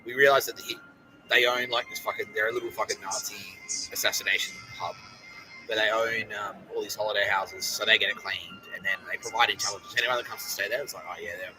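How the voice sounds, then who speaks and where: A man's voice: fairly low pitch, fairly even intonation, fast talker, music in the background, rough recording. A man with an Australian accent hosting a podcast in a rambling, profane, heated monologue. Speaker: podcast host. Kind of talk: casual monologue.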